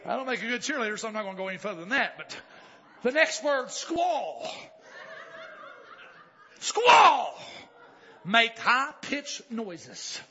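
A man preaching a sermon, swinging from calm, folksy talk to hollered exclamations. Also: extremely high pitch, moderate pace, slightly rough. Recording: dull lo-fi church recording with faint congregation.

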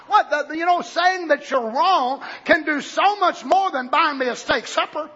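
A man preaching a sermon, swinging from low murmurs to loud shouted lines. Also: moderate pace, few pauses, highs cut off.

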